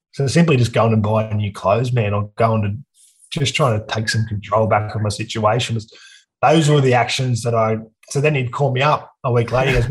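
A man's voice: medium pitch, low-quality recording. Sweary Australian man telling his story. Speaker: podcast guest. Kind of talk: casual conversation.

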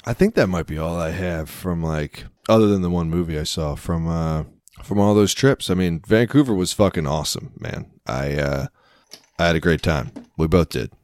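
A man with a fairly low voice co-hosts a loose podcast conversation. He jokes, swears freely and drifts into mock accents. The sound is dry and close, with no room behind it. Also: moderate pace, a little mellow, dry recording. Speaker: podcast co-host. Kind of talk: casual chat.

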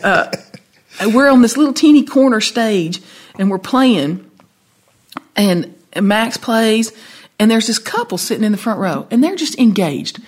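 Husky Southern woman telling stories. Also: on the high side, unhurried. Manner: chatty, animated storytelling with laughs. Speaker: songwriter guest. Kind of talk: casual storytelling chat.

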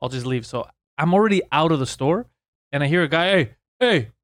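A man co-hosting a podcast, telling stories in rapid, profane, joking chat. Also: fairly high pitch, animated, no room sound, clean studio sound. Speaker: podcast co-host. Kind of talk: casual comedic chat.

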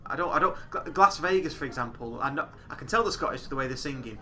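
A man in his thirties chatting casually on a podcast, animated and quick to swear and laugh. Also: medium pitch, a little hiss or hum. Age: 30s. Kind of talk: casual chat.

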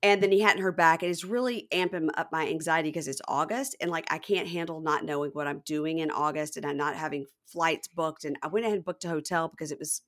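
A woman chatting as a podcast guest, telling stories with quick asides. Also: sits low, steady tone. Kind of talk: casual podcast chat.

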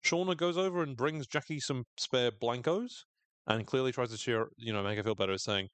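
A man's voice: medium pitch, a little fast, a bit bright, clean tone, dry recording. A man co-hosting a podcast, recapping a show in casual chat with sardonic jokes and free swearing. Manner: sardonic, jokey, swears freely. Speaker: podcast co-host.

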